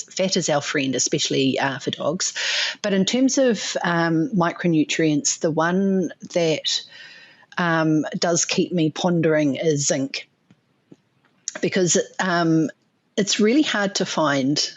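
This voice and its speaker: A woman with a New Zealand accent answering interview questions thoughtfully, pausing often with fillers and restarts. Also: low voice, no echo, muffled recording. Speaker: guest expert.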